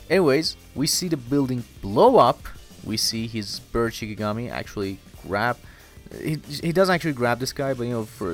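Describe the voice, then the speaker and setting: Casual young male recapper, filler-heavy, animated intonation, soft music bed. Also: mid-range voice. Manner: rambling, heavy "you know" fillers, laughs at the story. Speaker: anime recap commentator.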